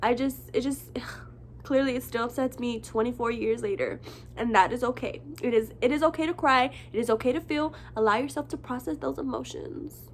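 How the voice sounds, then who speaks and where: A woman speaking straight to her viewers in a heartfelt monologue. She is earnest, casual and emotional, and her voice wavers between soft and forceful. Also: on the high side, normal speed, a little hiss or hum. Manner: earnest and impassioned, casual and profane. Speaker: vlogger. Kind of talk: heartfelt direct-to-camera monologue.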